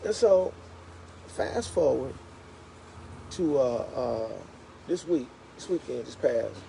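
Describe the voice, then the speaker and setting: A man telling a casual, animated story to viewers of his livestream. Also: medium pitch, takes it slowly, creaky, slight background noise, poor audio. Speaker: live streamer.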